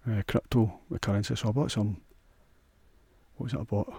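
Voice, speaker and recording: A man's voice: fairly low pitch, fairly even intonation, fairly quick, mellow, slightly rough, dry recording, clean studio sound. A man with a Scottish accent hosting a solo podcast, rambling in a crude, sweary, offhand way. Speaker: podcast host.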